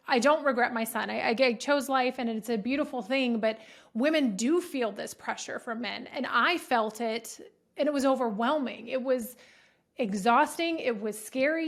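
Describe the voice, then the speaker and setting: A woman hosting an interview, speaking earnestly and personally, with emotion in her voice. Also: a little high. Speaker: host. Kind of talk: interview conversation.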